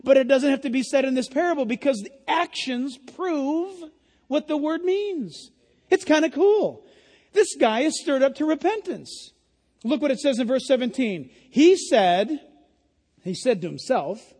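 A man pastor preaching an impassioned sermon, often yelling and emphatic. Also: very high voice, animated, a little slow, long reverb tail.

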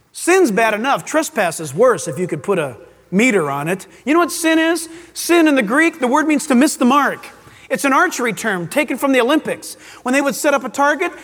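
A pastor preaching a sermon, animated and dramatic, acting out little voices as he teaches. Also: extremely high pitch. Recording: long hall reverb.

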